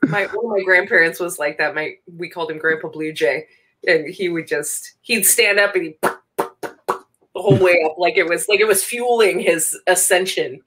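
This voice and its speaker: A woman's voice: on the low side, moderate pace, a bit bright, slight background noise. Emphatic woman guest, laughing easily. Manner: emphatic, laughs often, repeats herself. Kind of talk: casual interview talk.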